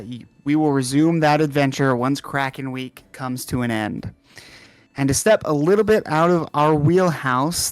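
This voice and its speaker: Smooth-voiced man narrating as game master. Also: a little high, no room sound. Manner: measured storytelling with occasional fillers.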